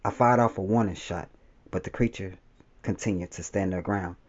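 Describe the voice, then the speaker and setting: A man with a low, mellow voice reads a first-person war story at an even, steady pace. The recording sounds dull and slightly lo-fi. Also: moderate pace. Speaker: audiobook narrator.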